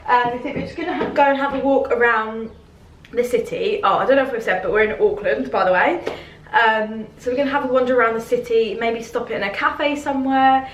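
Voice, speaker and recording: Bubbly young woman vlogging on a phone, slightly high voice, roomy sound. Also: brisk, lo-fi sound. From United Kingdom. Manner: chatty, bubbly, laughs often. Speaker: travel vlogger. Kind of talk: casual vlog chat. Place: hotel room. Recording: echoey room, faint background noise.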